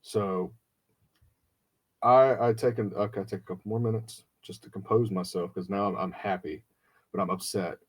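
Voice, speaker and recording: A man's voice: on the low side, steady tone, moderate pace, husky. Profane, storytelling podcast host man. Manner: profane, emotional, acts out quoted friends. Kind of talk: casual storytelling chat.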